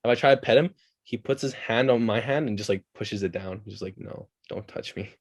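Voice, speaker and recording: A young man from Canada, a podcast guest chatting casually and telling animated stories with quick asides. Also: fairly low pitch, a crowd in the background. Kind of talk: casual chat.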